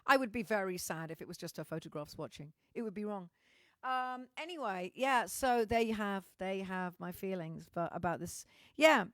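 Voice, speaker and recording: A middle-aged Welsh woman talks straight to her livestream viewers in a candid, rambling way, with a mid-pitched voice. She swears now and then and often restarts her sentences. The sound is dry and close, with no room echo. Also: expressive, moderate pace. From Wales. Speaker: musician hosting a livestream. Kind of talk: casual chat to live viewers.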